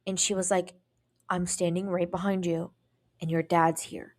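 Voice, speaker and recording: A woman's voice: on the low side, moderate pace. A woman co-hosting a casual podcast tells a long story with real animation. She acts out the lines of everyone involved and swears freely along the way. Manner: animated storytelling, acting out other people's lines, frequent swearing. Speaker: podcast co-host. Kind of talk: casual chat.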